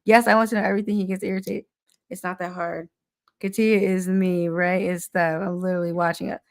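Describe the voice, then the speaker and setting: A woman's voice: fairly low pitch, level tone, a little fast. Blunt, exasperated woman in casual chat. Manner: blunt, exasperated, swears freely.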